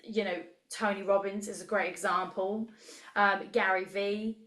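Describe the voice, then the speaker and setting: A woman's voice: mid-range voice, fairly even intonation, unhurried, a bit bright. A woman in her thirties coaching a live online group, chatty and enthusiastic as she reacts to the chat. Her voice sits in a middle range. The room around her carries a noticeable echo. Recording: roomy echo.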